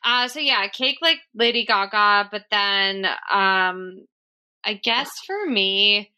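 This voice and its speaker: A woman's voice: medium pitch, slow pace, smooth. A woman hosting a podcast, chatting casually with lots of fillers. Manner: chatty, many fillers, warm-hearted reading. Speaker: podcast host.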